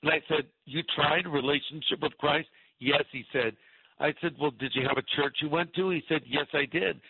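A middle-aged man, a pastor, tells a story in a radio interview and acts out each person's lines. His voice sits a little high and sounds husky. It comes through dry and tinny, like a phone line. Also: fairly even intonation, brisk, no room sound.

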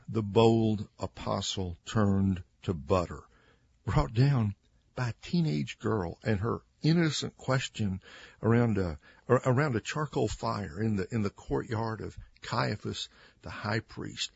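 A man's voice: on the low side, moderate pace, vocal fry, husky, lo-fi sound. A man giving conversational Bible teaching as a radio guest, earnest and acting out quoted speakers with emphasis. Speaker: Christian author and radio guest.

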